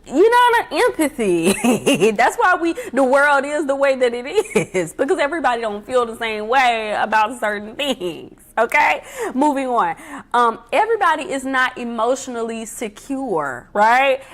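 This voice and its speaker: A woman with a slightly high, sing-song voice speaks a bit slowly as she hosts a casual livestream from home. She gives life advice in a chatty, emphatic way, repeating her key points.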